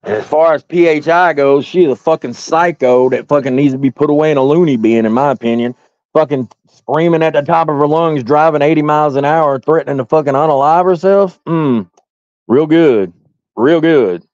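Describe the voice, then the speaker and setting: A man's voice: on the high side, steady tone, fairly quick, darkish tone, dry recording. A man ranting in a heated way, swearing constantly and rambling as he talks straight to his viewers. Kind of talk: heated profane rant. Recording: dull lo-fi audio.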